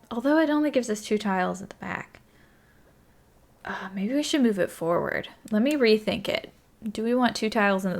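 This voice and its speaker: A young woman giving casual let's-play commentary, thinking aloud, counting tiles under her breath and apologizing as she goes. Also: mid-range voice. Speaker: gaming YouTuber.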